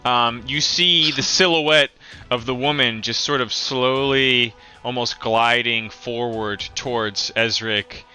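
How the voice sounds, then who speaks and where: Dm guy narrating slow, lots of ums, bright clear voice. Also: medium pitch, soft background music. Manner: halting, many ums and uhs. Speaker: dungeon master. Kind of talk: narrating a tabletop game.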